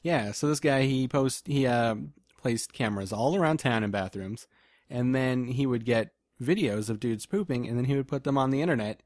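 A man's voice: medium pitch, moderate pace, darkish tone, no echo, studio quality. A man co-hosting a casual, joking chat, spinning rambling hypotheticals and laughing often.

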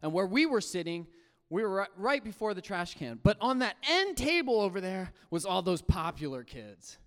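A young man with a high, smooth, resonant voice tells a comic childhood story to a live crowd. He is animated and keeps switching into squeaky high voices to play his younger self. The sound rings with a long reverb, as in a large hall. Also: moderate pace. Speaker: storyteller speaking to a youth audience.

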